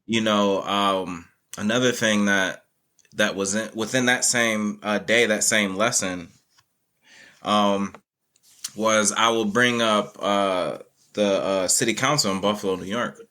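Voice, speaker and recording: A male guest educator telling animated, laughing stories and acting out other people's lines in conversation. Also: on the low side, measured pace. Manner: animated, laughing, acts out quotes. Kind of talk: conversational storytelling.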